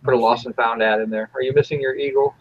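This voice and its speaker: A man with a husky, slightly breathy voice hosts a laid-back chat, joking around and tripping over his own restarts. His voice comes through a dull, lo-fi line. His pitch sits at an ordinary middle height. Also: fast talker, no echo. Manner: relaxed, joking, trails off into restarts. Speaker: podcast host. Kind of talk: casual chat.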